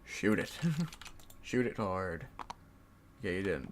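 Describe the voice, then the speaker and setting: A man's voice: sits low, sing-song, a little slow, long pauses, noisy background. A young man casually commentating his solo board game play, swearing, laughing and talking to his game pieces.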